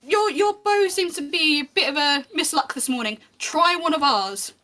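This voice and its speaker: A courteous male watchman, as a woman puts him on in a tabletop game, cheerful on the surface with fear hidden beneath. He talks formally and politely, in a high, bright, sharp voice. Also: normal speed. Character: polite male watchman, outwardly jovial, secretly terrified.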